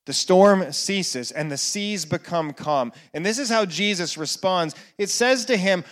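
A male pastor with a high voice delivers a sermon at an unhurried pace. He lets key phrases fall to a hush, then builds back up with emphatic questions. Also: expressive. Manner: slow, with dramatic hushed repetitions and rising emphasis.

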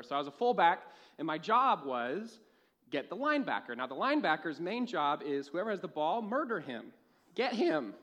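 A young man preaching a sermon in a church, telling a lively personal story and laughing at his own jokes. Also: a little high. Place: church with a live audience.

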